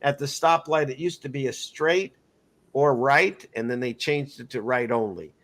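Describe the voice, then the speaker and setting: A man's voice: medium pitch, moderate pace, a bit bright. A man hosting a casual interview, telling long rambling stories and acting out the people he quotes. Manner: rambling storyteller, acts out quotes in voices. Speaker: podcast host.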